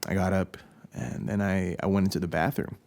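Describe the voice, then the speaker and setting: His voice sits low and steady, brisk, a little mellow, with vocal fry, as this young podcast host recounts a personal story in a candid, confessional, profane way, repeatedly breaking off his own sentences.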